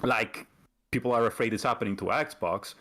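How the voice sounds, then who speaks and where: A man's voice: medium pitch, moderate pace, a bit bright. A man who is a guest on a podcast, speaking in a teasing way that turns earnest and insistent when he argues a point. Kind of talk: casual podcast chat.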